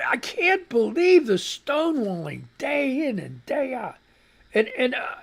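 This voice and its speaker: A woman's voice: high-pitched, sing-song, unhurried, gravelly. A woman hosting a live radio news show, reading stories and ranting about them in a rambling, exasperated way. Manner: rambling, growing angry and exasperated. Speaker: host of a news commentary show.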